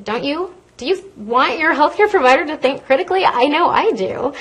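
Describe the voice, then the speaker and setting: A woman pharmacist giving a lively, conversational health talk to an audience from a podium, a fast talker by habit. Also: mid-range voice. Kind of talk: lecture to a live audience from a stage. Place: stage in a lecture hall. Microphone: podium microphone.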